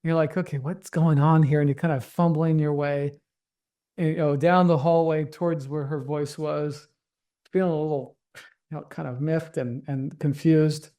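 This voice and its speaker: A therapist who teaches trauma recovery speaks with a fairly high, flat, warm voice at a normal pace. He guides a group through an imagined scene to explain stories and the nervous system, talking conversationally, restarting often, and acting out inner thoughts.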